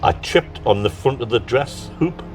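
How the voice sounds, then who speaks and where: A man with a Tyneside accent telling stories as an interview guest in a lively, laughing way, acting out what people said. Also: medium pitch, moderate pace, recorded from a distance, soft background music. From North East England. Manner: lively, laughs through his stories, acts out quotes. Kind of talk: casual storytelling chat.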